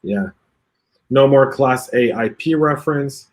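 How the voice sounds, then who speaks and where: A man hosting a relaxed livestream and reading viewer comments between jokes, talking in an easy, chatty way. His voice sits in an ordinary middle pitch, as it would over a video call. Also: unhurried. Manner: chatty, reads viewer comments aloud, jokey. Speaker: podcast host reading live chat. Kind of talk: casual livestream chat.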